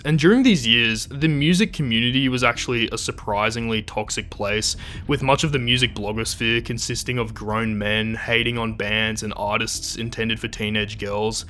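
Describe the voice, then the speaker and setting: A man narrating a documentary about early internet trolls, telling it with wry, animated asides. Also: medium pitch, slight background noise.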